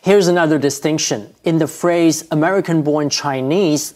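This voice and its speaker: A man from Taiwan teaches English vocabulary, switching between Mandarin and English. He explains each point in a clear, measured way, like a lesson host. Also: fairly high pitch, darkish tone. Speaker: bilingual language teacher.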